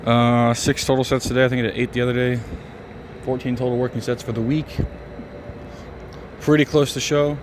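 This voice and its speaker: A man's voice: mid-range voice, level tone, background noise. Profane, emphatic gym-bro man. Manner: profane, emphatic, fast-talking. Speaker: bodybuilder vlogger. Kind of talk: casual gym chat.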